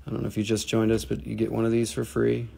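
A man's voice: on the low side, monotone, fast talker, creaky, mellow, slightly rough. A man with a Southern US accent hosting a live gem and mineral sale in a chatty, joking way, often laughing at himself. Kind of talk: live selling chat.

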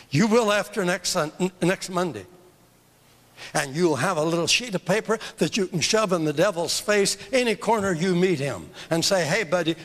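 A man's voice: sits high, fairly bright tone. An older man teaching a church seminar in a fervent, emphatic sermon style, repeating phrases for emphasis. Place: church hall. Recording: long reverb of a large hall.

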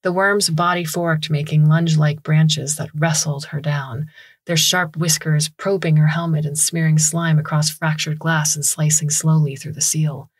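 A woman narrating a science fiction story in a measured, steady storytelling style on a close studio mic. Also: low voice.

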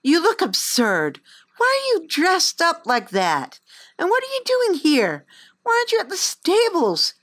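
A woman's voice: extremely high pitch, wildly swooping pitch, a little slow, fairly bright tone, pitched above the performer's own voice, exaggerated voice. A woman doing a bossy, haughty young noblewoman. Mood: imperious. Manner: imperious and demanding.

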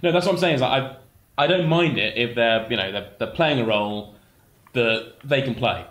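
A man's voice: medium pitch, normal speed, a bit bright, reverberant. A man co-hosting a gaming livestream, chatting casually and hesitantly while reading the chat aloud.

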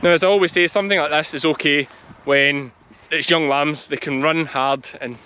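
Scottish farmer talking while walking a field. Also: male voice, on the high side, steady tone, moderate pace, pushed and bright, clean tone. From west of Scotland. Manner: chatty, calls commands to a young dog while walking. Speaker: sheep farmer and channel host. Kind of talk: casual vlog commentary while working. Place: outdoors in a large sheep field.

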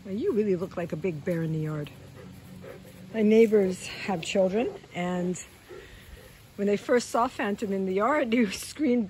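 A woman chats to her big dog out in a yard, coaxing it to play with swooping, lively calls. She speaks slowly and easily, her pitch leaping up and down. Faint outdoor ambience sits behind her voice. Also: a little hiss or hum. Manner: coaxing, sing-song calls to a dog, often laughing. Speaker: dog owner filming her pet. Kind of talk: casual vlog talk to her dog.

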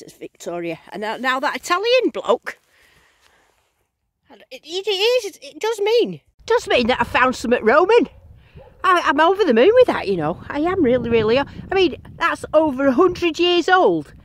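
High lively woman chatting out in a field. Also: normal speed, no room sound. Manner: bubbly, chatty, talks to her finds. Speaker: metal detecting vlogger. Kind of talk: excited running commentary while digging. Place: open field outdoors.

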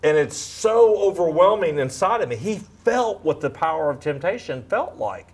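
A man in his fifties sharing a lively faith testimony as a guest, acting out quotes as he tells it. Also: on the high side, normal speed, husky. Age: 50s. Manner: animated, storytelling, acts out quotes. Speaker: guest speaker. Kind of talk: faith testimony in a talk show.

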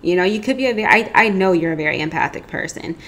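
A woman's voice: lowish voice, lively intonation, fast talker, a bit bright. A woman giving a casual, chatty tarot reading, rambling with lots of asides. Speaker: tarot reader.

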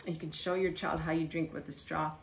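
A middle-aged woman teaching a lesson for toddlers in a sing-song voice, with animated, exaggerated gasps of delight. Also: sits low, fairly quick, gravelly, a little hiss or hum. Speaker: children's teacher.

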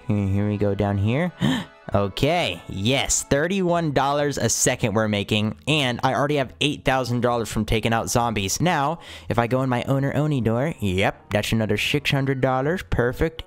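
Excitable young man commentating a game. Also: lowish voice. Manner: excitable, exclamatory, talks to viewers. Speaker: gaming video host.

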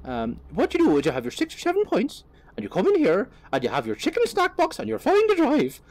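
A man voicing an over-the-top Irish police officer in a broad, exaggerated Donegal accent, high and loud. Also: huge pitch swings, fairly quick, heavily acted. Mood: dismissive. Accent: broad Donegal, deliberately exaggerated. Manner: high, loud, sing-song and jokey.

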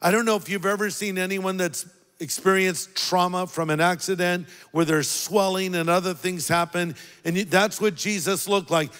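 A man preaching a sermon as pastor, talking conversationally, dropping low for quoted words and rising for emphasis. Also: steady tone, moderate pace, fairly bright tone, clean tone. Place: large church auditorium. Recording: long reverb of a large hall.

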